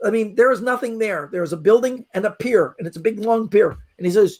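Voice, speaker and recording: A middle-aged man, a magician guest on a podcast, telling a travel story in a lively way and acting out the people in it. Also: sits high, brisk. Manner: lively anecdotal telling with acted-out quotes. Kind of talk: animated storytelling.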